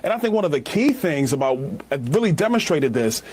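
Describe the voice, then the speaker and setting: A man giving measured, explanatory political commentary as a guest. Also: on the high side, sing-song, a little mellow, husky.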